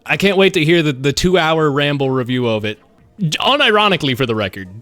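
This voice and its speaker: A man's voice: fairly high pitch, expressive, fairly quick, a bit bright, no echo, soft background music. A worn-out man live-streaming a game, rambling casually to chat and swearing often. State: exhausted.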